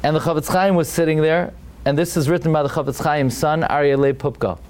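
A man's voice: a little high, steady tone, a little fast, a little mellow. A man teaching a Torah class as a rabbi, telling the story dramatically and with emphasis, full of restarts and Hebrew terms. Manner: sprinkles Hebrew and Yiddish terms.

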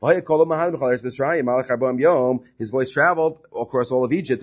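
In a dull lo-fi recording, a man leads a Talmud study class, reading Hebrew and Aramaic text and paraphrasing it with many fillers and restarts. His medium-pitched voice moves briskly, with hardly any pauses.

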